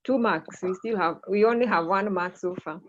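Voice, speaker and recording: A woman's voice: mid-range voice, moderate pace, a little hiss or hum. A woman teacher leading an online English lesson, prompting students and repeating their answers back. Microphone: video call. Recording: muffled video call audio.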